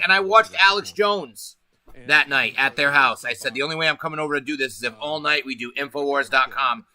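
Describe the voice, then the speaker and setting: Guy hosting a livestream, super bright edgy voice, anxious, rambling, cussing a lot. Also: on the high side, a little fast, low-quality recording. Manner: nervous, swearing, rambling to chat. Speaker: livestream host. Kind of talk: casual livestream chat.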